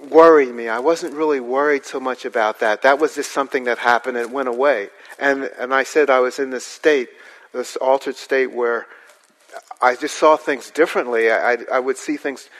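A man telling a personal story to an audience in a halting, rambling way. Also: medium pitch, fairly bright tone. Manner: halting, rambling, with restarts and fillers. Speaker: guest speaker. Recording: long hall reverb.

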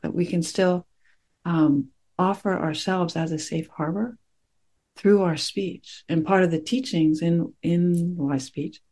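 Her pitch sits fairly low and her tone stays steady as she, a meditation teacher, offers a dharma talk to her students. Gentle and reflective, she pauses often while reaching for words.

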